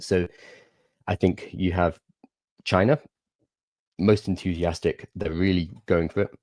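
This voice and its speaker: A young man hosts a casual livestream, talking through questions from his viewers in a chatty, explanatory way. His voice sits low, and the sound is dry and close, with no room echo. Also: darkish tone. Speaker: livestream host.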